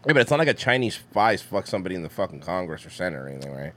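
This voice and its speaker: A man's voice: sits low, sing-song, a loud crowd. A man hosting a podcast, ranting in casual, profane political banter. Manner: profane, fast rants. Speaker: podcast host.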